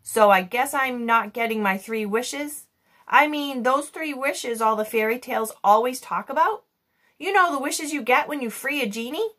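A woman's voice: high-pitched, moderate pace, fairly bright tone. A woman reading aloud, voicing a polite, inquisitive young girl. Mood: curious.

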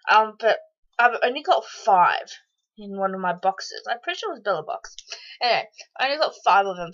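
An Australian woman chatting casually through a beauty box unboxing, excitable and rambling, with lots of ums and happy squeals. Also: mid-range voice, dull audio. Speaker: beauty vlogger.

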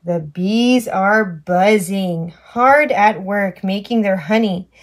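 A woman teacher reading a farm picture book aloud to children, acting out sound effects and asking the child to find things on the page. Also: mid-range voice. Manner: slow, sing-song, making animal and machine sound effects; asks the child questions and prompts button pushes. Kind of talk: children's storytime read-aloud.

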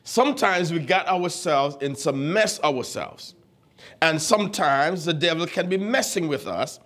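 High-voiced man preaching a teaching sermon. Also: animated, unhurried, a bit bright. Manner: conversational, stammers and repeats words, quizzes the congregation. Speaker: pastor.

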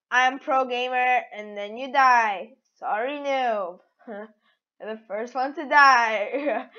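A woman giving casual game commentary as a channel host, excitable and giggly, teasing the other players. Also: high-pitched. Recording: dull lo-fi audio.

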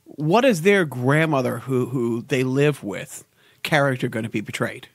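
A man's voice: mid-range voice, expressive, unhurried, dry recording. A middle-aged man co-hosting a podcast, telling stories in a rambling way with stammers and repeated words. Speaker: podcast co-host. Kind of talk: casual chat.

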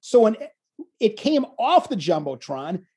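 A man, a wrestling commentator, telling a story in a casual interview, animated and self-deprecating, often restarting his phrases. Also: high voice, a little slow, breathy edge.

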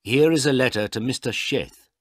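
A man's voice: mid-range voice, normal speed, dry recording, clean studio sound, voice pushed up, close to an everyday voice. A kind village schoolteacher offers his help in a friendly way, read by a man. His voice lifts a bit above the reader's own. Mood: helpful. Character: helpful male village schoolteacher.

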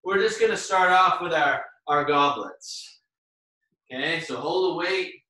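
A man's voice: a little high, measured pace, bright, forceful tone. A man leading a live online workout class, cheering on participants by name and getting out of breath as he exercises along. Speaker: fitness instructor. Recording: very echoey room, far from the mic.

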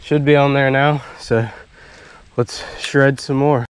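A man's voice: medium pitch, flat delivery, slow pace, smooth, dry recording. A man casually chatting while riding his mountain bike on wooded trails, talking into an action camera outdoors. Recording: noisy outdoor action-cam audio.

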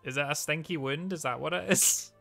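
A young man streaming a video game, giving animated, joking commentary and swearing freely. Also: fairly high pitch, brisk, vocal fry, soft background music. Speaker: let's play streamer. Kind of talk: casual gaming commentary.

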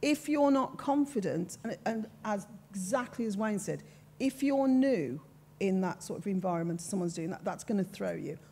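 A woman's voice: mid-range voice, animated, moderate pace, creaky, mellow, a little hiss or hum. An older woman with a Birmingham accent, speaking frankly and emphatically as a panelist in a discussion. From Birmingham, England. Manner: frank, emphatic, self-assured.

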